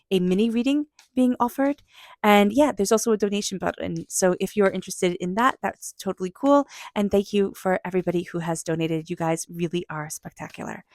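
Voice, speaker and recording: A woman's voice: mid-range voice, a little mellow, no echo, clean studio sound. A woman giving an intuitive tarot reading, speaking earnestly and reflectively straight to her viewers. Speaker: tarot reader.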